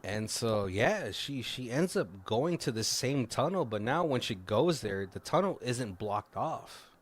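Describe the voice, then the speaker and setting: A man's voice: mid-range voice, big pitch swings, a little slow. Rambling man recapping a film. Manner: rambling, many fillers and self-corrections, frequent laughs. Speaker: podcast co-host. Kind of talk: casual movie recap.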